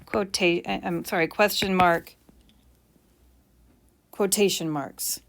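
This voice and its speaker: A woman's voice: fairly low pitch, steady tone, slow pace, gravelly, background noise. A woman teacher explaining punctuation while writing, with playful mock bragging asides.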